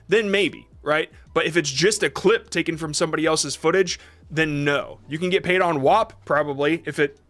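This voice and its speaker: Reviewing shorts on a casual livestream, a man reads chat questions out loud and answers on the spot, full of fillers and false starts. He sounds a little high, with a fairly bright tone.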